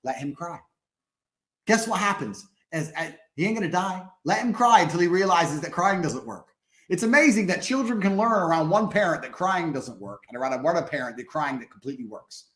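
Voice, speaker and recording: A man's voice: a little high, animated, a little fast, fairly bright tone. A man speaking bluntly and emphatically as a podcast guest, swearing and repeating himself for force. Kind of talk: podcast conversation. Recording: roomy echo.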